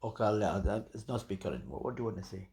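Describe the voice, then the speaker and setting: A man's voice: on the low side, animated, rapid-fire, dark tone. Man coaxing his pet bird. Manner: doting, coaxing, simple broken English. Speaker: pet owner talking to his budgie. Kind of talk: casual home video chat with a pet.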